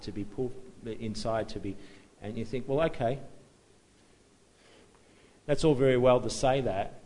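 A man's voice: lowish voice, warm tone, slight background noise, poor audio. A man preaching a sermon in a conversational, self-deprecating way, often restarting and chuckling at himself.

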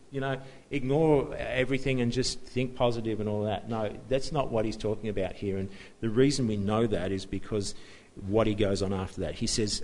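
A man's voice: on the low side, fairly even intonation, moderate pace, darkish tone, rough recording. A man preaching a sermon in a conversational, self-deprecating way, often restarting and chuckling at himself.

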